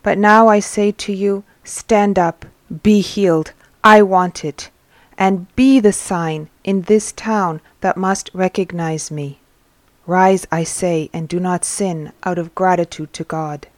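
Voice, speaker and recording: A calm, merciful male teacher speaks gentle but firm words, read by a woman. The pace is slow and measured, and the sound is dry. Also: on the low side, no echo. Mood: commanding.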